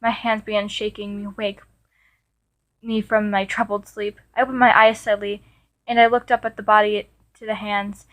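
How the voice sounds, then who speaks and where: A woman's voice: medium pitch, level tone, normal speed, a bit bright. Woman narrating a fan fiction story. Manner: earnest reading with small restarts. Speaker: story reader.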